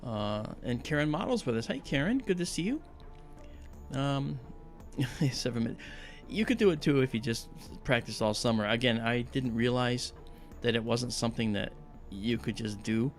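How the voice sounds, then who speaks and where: Man, livestream host, gravelly voice, rambling casual chat, soft music behind. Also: medium pitch, expressive, normal speed. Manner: rambling, friendly, many fillers, greets viewers.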